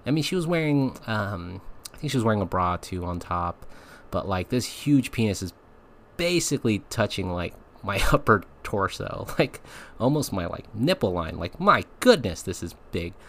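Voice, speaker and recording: A man with a fairly low voice spins a story in relaxed podcast chat. He rambles, fills gaps with fillers and laughs now and then, never polished. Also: moderate pace, slight background noise. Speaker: podcast host. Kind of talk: casual storytelling.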